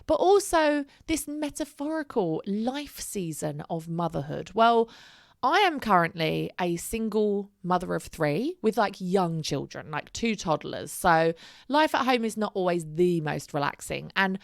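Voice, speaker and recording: A woman's voice: fairly low pitch, animated, a little slow, vocal fry, no room sound, studio quality. A young woman and mother of three talking candidly in a casual vlog, chatty and full of "like", with casual swearing. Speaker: single mother vlogger.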